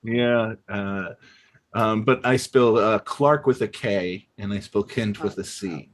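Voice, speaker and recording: A man's voice: on the low side, slow, a little hiss or hum. A man hosting an improv comedy show, chatting casually with lots of ums and self-mocking jokes as he explains the games.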